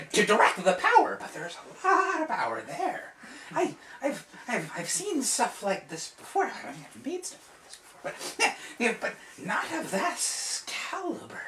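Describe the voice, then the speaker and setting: A woman voicing an excitable male sprite wizard who jitters and repeats his words. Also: mid-range voice, pitched above the performer's own voice, heavily acted. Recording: echoey room, distant mic, faint hiss.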